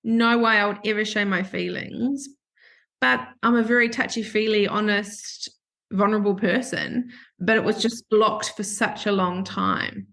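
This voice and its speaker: A woman's voice: medium pitch, steady tone, a little slow, gravelly, fairly bright tone. A woman hosting a podcast, telling a candid personal story in a chatty, emotional way and acting out what people said. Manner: chatty and emotional, acts out quoted voices. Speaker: podcast host.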